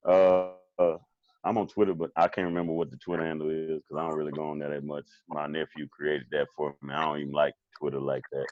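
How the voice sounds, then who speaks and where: A man's voice: extremely low pitch, level tone, fast talker, dry recording. A man guesting on a podcast as a DJ, joking in laid-back casual banter. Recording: dull dry lo-fi mic.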